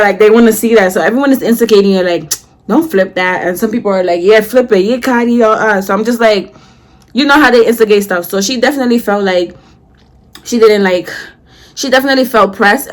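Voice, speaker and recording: A young woman in her twenties telling a storytime while doing her makeup, slangy and animated, acting out heated quotes. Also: medium pitch. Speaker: vlogger.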